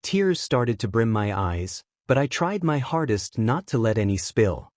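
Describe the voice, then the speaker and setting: A man reading a fanfiction story aloud as a first-person narrator, in a subdued, even way of telling it. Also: medium pitch, a little slow, no room sound, studio quality. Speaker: fanfiction reader.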